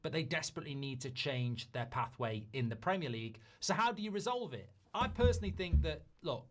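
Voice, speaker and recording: Football pundit thinking aloud. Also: male voice, a little high, expressive, slight background noise. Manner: measured, reasons aloud, quick asides. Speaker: football pundit in a played clip. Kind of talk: football opinion commentary.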